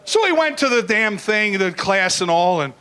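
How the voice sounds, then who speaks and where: A man's voice: high-pitched, sing-song, normal speed, bright, forceful tone, clear, resonant tone, rough recording. An older man doing a crude, blunt stand-up comedy routine, acting out bits in put-on voices.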